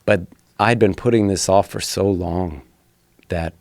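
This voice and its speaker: Man, thirties, very low voice, gravelly, dry close sound, earnest and blunt. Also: measured pace, a little mellow, no echo. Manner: earnest and emphatic, blunt with swearing. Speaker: guest, professional fighter. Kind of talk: candid personal storytelling in a podcast interview.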